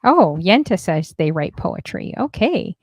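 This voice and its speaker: A woman's voice: fairly low pitch, sing-song, a little slow, no room sound, studio quality. A woman hosting a casual livestream, chatting and reading viewer messages aloud with lots of fillers. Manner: chatty, many fillers, reads comments aloud. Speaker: stream host.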